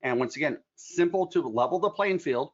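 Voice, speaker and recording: A man's voice: a little high, lively intonation, normal speed. A man in his fifties giving a clinical lecture over slides, explaining things keenly with folksy asides. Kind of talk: medical presentation with slides. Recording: slightly dull lo-fi sound.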